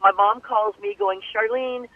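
An older woman tells her story down a tinny phone line, her gravelly voice rising and falling in lively swings. She is animated and acts out every voice she quotes. The line is dry and close. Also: on the high side, moderate pace, no room sound. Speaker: guest singer. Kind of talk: storytelling interview. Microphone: telephone.

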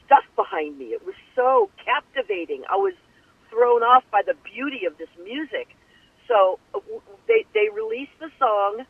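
An older woman telling her life story in an interview, animated and acting out the voices of the people she quotes. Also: fairly high pitch, creaky, dry recording. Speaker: guest singer. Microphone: telephone. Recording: tinny phone line.

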